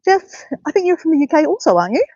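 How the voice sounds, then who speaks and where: A woman's voice: very high-pitched, big pitch swings, fast talker, darkish tone, no room sound, muffled recording. A woman hosting a casual live stream outdoors by a bay, chatting to viewers in an upbeat way. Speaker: livestream host. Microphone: handheld phone.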